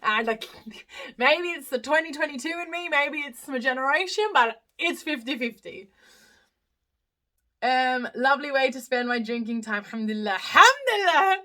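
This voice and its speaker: A woman's voice: high-pitched, moderate pace, pushed and bright. A young woman from Australia hosting a casual live stream, chatting through viewer comments with lots of fillers and restarts. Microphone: phone live stream.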